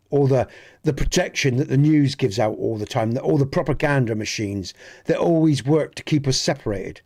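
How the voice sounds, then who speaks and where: This man's mid-range voice has a darkish tone and a Dorset accent from southwest England. Chatting with his live audience while streaming a game, he talks earnestly and rambles, often restarting and repeating words.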